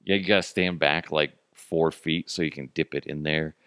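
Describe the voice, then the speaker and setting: On his radio show, a man with a bass voice delivers a rambling, casual comedy monologue of goofy, profane jokes and laughter. He speaks at a moderate pace with fairly even intonation, sounding smooth and a bit bright. The recording is dry and clean, studio quality.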